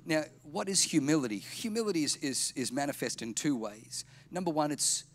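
A man preaching a sermon, emphatic and repetitive, slowing down and softening for effect. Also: on the high side, sing-song. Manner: emphatic, repetitive, drops to slow quiet lines for effect. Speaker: pastor.

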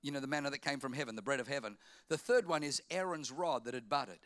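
Man, middle-aged, pastor, sermon, loud-to-hushed swings, bright tone, dry close sound. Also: mid-range voice, quick pace, dry recording. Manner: preaching with big swings between loud emphasis and hushed asides.

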